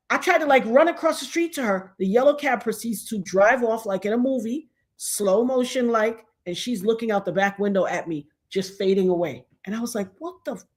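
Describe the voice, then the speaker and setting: A middle-aged woman telling a personal story in a casual, animated way, acting out the other people's lines as she goes. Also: fairly high pitch, normal speed. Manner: animated, acts out quoted dialogue.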